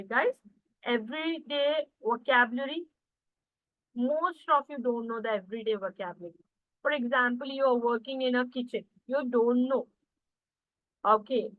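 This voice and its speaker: A woman's voice: a little high, dry recording. A woman with an Indian English accent, teaching a spoken English class online and explaining step by step. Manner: explains slowly, often says guys and okay. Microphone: video call. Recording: dry, phone-like call audio.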